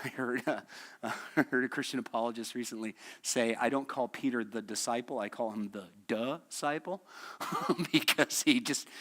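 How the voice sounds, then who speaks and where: A man's voice: fairly high pitch, fairly bright tone. A man teaching a midweek church lesson in a conversational, storytelling way, asking the class questions and chuckling often. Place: church hall.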